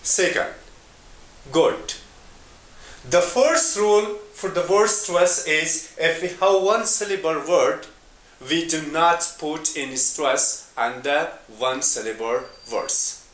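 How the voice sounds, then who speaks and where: A man teaching an English lesson in a slow, deliberate way, repeating example words. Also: fairly high pitch, a bit bright, reverberant.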